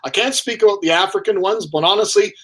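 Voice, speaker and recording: A man's voice: sits high, fast talker. A man who keeps aquarium fish, a guest on a casual livestream, explaining fish breeding in a talkative, wry way.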